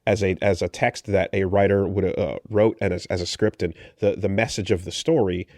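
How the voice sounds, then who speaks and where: A man co-hosting a casual podcast discussion, animated and sarcastic, often restarting his sentences. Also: deep voice, moderate pace, dry recording, studio quality. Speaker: podcast co-host.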